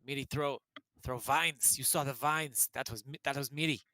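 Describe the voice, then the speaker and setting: A man's voice: mid-range voice, normal speed, bright, forceful tone, no room sound, voice pushed up, lightly acted. A man voicing a character who speaks in broken grammar, insisting on her innocence. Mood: pleading.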